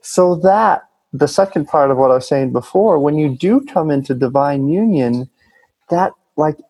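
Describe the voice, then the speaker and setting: A man with a husky, slightly rough voice talks with animated earnestness about emotions and relationships. The sound is dry and close. He swears now and then in relaxed conversation. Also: a little high, normal speed, dry recording, poor audio. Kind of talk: casual spiritual conversation.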